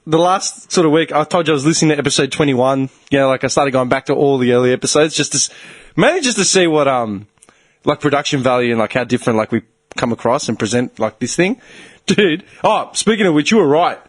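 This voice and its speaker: A man's voice: mid-range voice, fast, no echo. A man co-hosting a casual podcast chat, swearing and laughing a lot as he rants. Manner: animated, swearing, laughs often. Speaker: podcast co-host.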